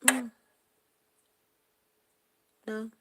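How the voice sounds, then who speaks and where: A woman's voice: drawn-out words, very noisy. A woman in her fifties hosting a casual morning talk stream, telling rambling, chatty stories to her viewers. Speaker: morning talk show host. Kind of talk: casual chat on a livestream.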